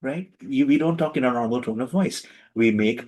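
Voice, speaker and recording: A man giving a lively, humorous spiritual talk to a live and online audience, acting out little voices for his jokes. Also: medium pitch, moderate pace, poor audio. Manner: playful, animated, acts out little voices for jokes.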